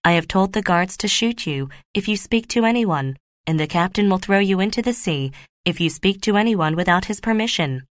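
A woman's voice: mid-range voice, animated, normal speed, no room sound, clean studio sound, natural voice. A woman reading the lines of a stern, threatening nobleman.

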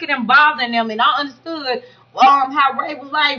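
A woman giving blunt, profane, animated commentary on a reality show in a casual vlog. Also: sits high, moderate pace. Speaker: YouTube commentator reviewing a reality show reunion. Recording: dull lo-fi audio.

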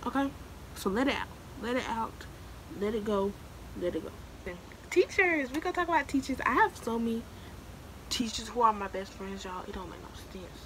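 A woman's voice: fairly high pitch, animated, moderate pace, fairly bright tone, slight background noise, low-quality recording. A young woman in her late teens giving casual, emphatic advice to the camera, repeating herself for emphasis and calling the listener "baby". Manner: emphatic and preachy, keeps calling the viewer "baby". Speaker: vlogger giving advice to new students.

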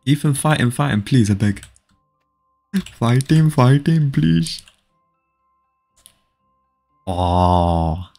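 A man's voice: medium pitch, very slow, vocal fry, pauses often. A young man streaming a game live, chatting with viewers and urging a friend to fight. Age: young adult. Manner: excitable, pleading and laughing, talks to chat. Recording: faint background music.

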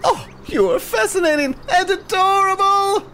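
A man's voice: very high voice, animated, normal speed, bright, forceful tone, a little hiss or hum, voice pushed up, heavily acted. A man voicing a flamboyant, boastful male fairy acrobat who talks in a bombastic, showy way. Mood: excited. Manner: bombastic, showy, easily offended.

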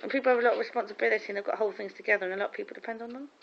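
A woman's voice: mid-range voice, fairly even intonation, racing, gravelly. A woman in casual chat, telling rambling, gossipy stories full of restarts. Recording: dull lo-fi recording.

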